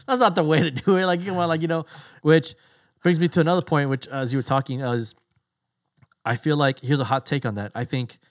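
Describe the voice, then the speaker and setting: Fast-talking man on a podcast. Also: mid-range voice, no room sound, studio quality. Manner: rapid, loose retelling with quick voiced asides. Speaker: podcast co-host. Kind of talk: casual chat.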